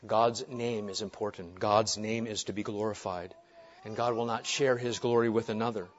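A man preaching an expository sermon, swinging between booming emphasis and hushed calm. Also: normal speed. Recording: dull lo-fi sermon recording.

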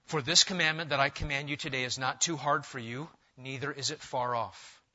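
A man preaching a sermon, swinging between loud, emphatic passages and quiet asides. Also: mid-range voice, fairly even intonation, fairly quick. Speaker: pastor. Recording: dull, lo-fi sermon recording.

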